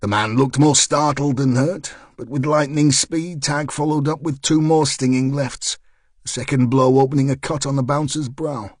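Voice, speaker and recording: A man reads a crime thriller audiobook with measured, wry storytelling. His voice is recorded dry and close, with an even middle pitch. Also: dry recording. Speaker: audiobook narrator. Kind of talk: scripted narration.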